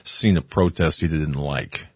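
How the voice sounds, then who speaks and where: Deep, husky co-host man. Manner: halting, chiming in. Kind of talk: casual chat.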